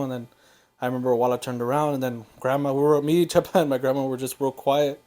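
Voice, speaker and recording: A young man hosting a podcast, recalling a painful family memory in a halting, emotional way. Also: medium pitch, little pitch movement. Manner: halting, emotional, soft-spoken. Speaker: podcast host. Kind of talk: emotional personal storytelling.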